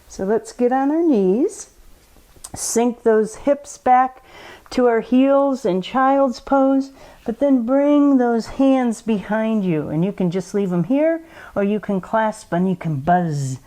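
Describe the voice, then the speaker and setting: A woman guiding children through a bedtime yoga story, with gentle, coaxing and playful instructions. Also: on the high side, rough recording. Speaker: kids yoga teacher.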